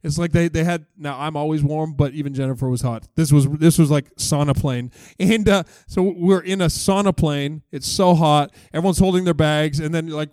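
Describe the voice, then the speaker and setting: A fairly high-pitched male preacher speaks at normal speed with few pauses, recorded dry. The sermon is conversational and joking, and he brings his stories to life by acting out the voices.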